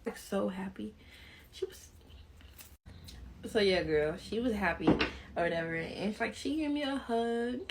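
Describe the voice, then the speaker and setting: A young woman from Chicago telling a casual storytime on her phone camera while doing her makeup, chatty and animated, full of "like". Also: mid-range voice, unhurried, pauses often, very noisy. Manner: animated, chatty, peppered with "like" and laughter. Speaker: vlogger.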